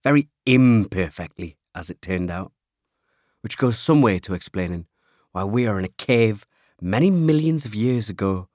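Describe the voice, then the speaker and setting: A man reading an audiobook aloud, telling the story in first person with lively timing. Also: lowish voice, dry recording, studio quality. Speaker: audiobook narrator. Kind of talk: scripted audiobook narration.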